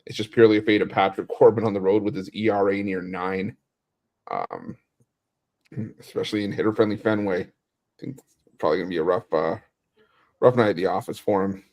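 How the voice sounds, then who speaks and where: A lowish, gravelly male voice. He lays out betting picks in a measured way, stacking statistics with frequent ums and uhs. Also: fairly even intonation, darkish tone. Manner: measured, stat-heavy, lots of fillers. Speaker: sports betting analyst. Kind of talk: live sports picks show chat.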